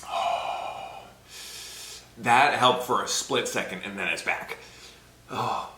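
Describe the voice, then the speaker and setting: A young man vlogs to the camera in short, fretful bursts, a casual video blog. His mid-range voice is bright and forceful yet unhurried. The recording carries a roomy echo and faint background noise.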